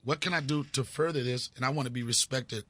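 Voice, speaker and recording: A man in his fifties from Washington, D.C., telling stories as a comedy guest in an animated, profane way. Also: medium pitch, quick pace, dry recording. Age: 50s. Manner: animated, profane, acts out scenes. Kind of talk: casual storytelling interview.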